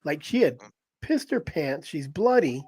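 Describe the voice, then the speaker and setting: Animated storytelling man, slightly high voice. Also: a little slow, slightly rough. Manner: animated, laughs often, acts out voices in quotes. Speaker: podcast host telling a story. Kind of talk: casual storytelling.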